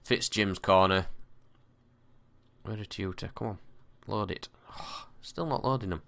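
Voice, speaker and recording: A low-voiced, creaky-sounding gaming commentator calls a football game as casual let's-play commentary. He's excitable, with quick bursts and sighs.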